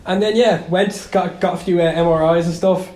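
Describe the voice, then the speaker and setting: A man's voice: high-pitched, moderate pace, reverberant. A young man co-hosting a podcast, telling a story in casual chat and acting out what others said. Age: young adult. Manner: animated storyteller, acts out quotes. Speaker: podcast co-host.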